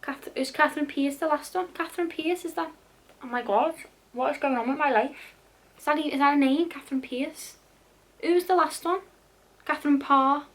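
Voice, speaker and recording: A woman's voice: high-pitched, normal speed. A young woman chatting casually about her unread books, with dramatic asides and casual swearing. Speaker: book vlogger. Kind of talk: casual chat.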